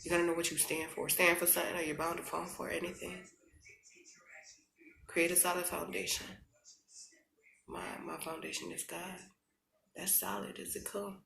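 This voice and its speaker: A woman talks to her viewers in a casual, earnest way, encouraging them and leaning on her faith. Her voice has a gravelly edge and a bright tone, and she fills her talk with you-knows and y'alls. The room sounds echoey. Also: on the low side, little pitch movement, moderate pace, long pauses. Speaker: vlogger. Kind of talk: casual motivational talk to camera.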